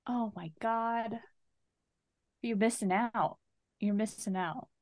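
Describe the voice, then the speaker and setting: A woman's voice: fairly high pitch, slow pace, dry recording, clean studio sound. A woman co-hosting a podcast, chatting about a movie with emphatic exclamations. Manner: expressive, laughs easily, emphatic exclamations. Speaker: podcast co-host. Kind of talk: casual movie review chat.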